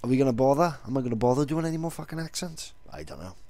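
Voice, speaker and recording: A man's voice: mid-range voice, animated, racing, warm tone. Laid-back man rambling casually. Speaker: vlogger. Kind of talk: casual vlog talk.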